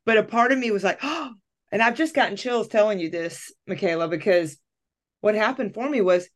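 A woman coach and host telling a personal story in casual conversation, acting out her own thoughts with lively emphasis. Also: medium pitch, brisk.

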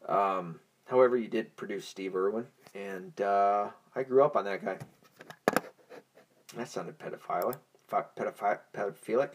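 A man's voice: fairly low pitch, normal speed, a little hiss or hum. A young man hosting a podcast in a casual, profane, rambling monologue, stoned and easily distracted. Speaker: podcast host.

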